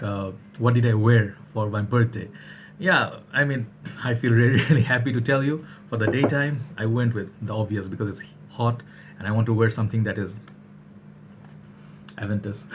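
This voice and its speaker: A man's voice: fairly low pitch, slight background noise. A man chatting energetically to camera as a fragrance reviewer. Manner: chatty, energetic, keeps saying "all right". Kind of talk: casual chat to camera.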